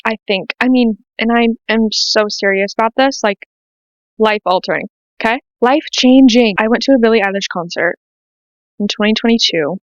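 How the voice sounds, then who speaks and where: A woman's voice: a little high, normal speed, no echo, muffled recording. Teenage girl rambling on a podcast. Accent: American. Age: late teens. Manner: emotional, rambling, says "like" often. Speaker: podcast host. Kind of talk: casual confessional vlog podcast. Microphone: to camera, self-filmed.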